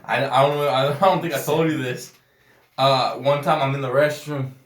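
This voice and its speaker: A man co-hosting a casual podcast, telling profane, animated stories with acted-out quotes, recorded on a phone in a home studio. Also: mid-range voice, normal speed. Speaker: podcast co-host. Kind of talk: casual chat. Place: house used as a home studio. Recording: echoey room, off-mic.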